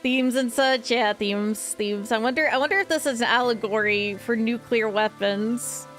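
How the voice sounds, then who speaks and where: A woman's voice: a little high, steady tone, normal speed, fairly bright tone, soft background music. A woman streamer chatting casually over a game, joking and swearing as she reacts.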